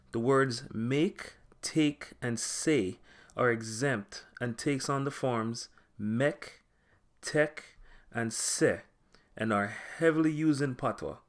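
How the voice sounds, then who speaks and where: A man narrating a scripted language lesson, speaking clearly and slowing down to spell out example words. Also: mid-range voice. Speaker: language teacher.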